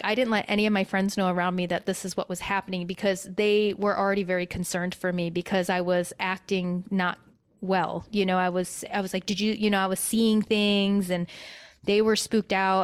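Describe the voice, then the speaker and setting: A woman's voice: on the low side, clear, resonant tone, no echo, studio quality. A young adult woman telling an emotional personal story as a guest, with many fillers and restarts.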